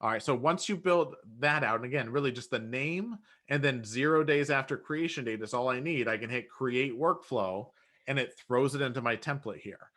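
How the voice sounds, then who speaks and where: A man explaining step by step how to build a workflow in software, relaxed and often correcting himself. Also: mid-range voice, normal speed. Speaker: software trainer. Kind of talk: screen-share software tutorial.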